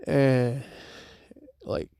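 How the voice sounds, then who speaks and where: A man's voice: mid-range voice, level tone, very slow, creaky, dark tone, clear, resonant tone, no room sound, clean studio sound. A young man casually retelling a made-up fan story, rambling with lots of filler words. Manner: rambling, heavy "like" and "type shit" fillers.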